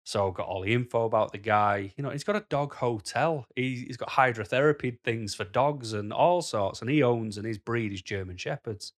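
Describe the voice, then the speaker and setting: A man's voice: medium pitch, moderate pace, hardly any pauses. A man talking to camera in a blunt, rambling way, full of "you know" fillers. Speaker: vlogger. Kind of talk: casual monologue to camera.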